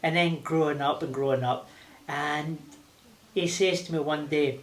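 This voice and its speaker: An older man with a Glaswegian accent, telling lively stories with laughter as an interview guest. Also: a little high, unhurried. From Scotland. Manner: animated, laughing, acting out voices. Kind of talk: casual storytelling. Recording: roomy echo.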